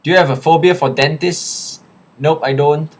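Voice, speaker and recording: A young Singaporean man in a casual live chat, reading viewers' questions aloud and answering them in a relaxed, chatty way. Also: a little high, moderate pace.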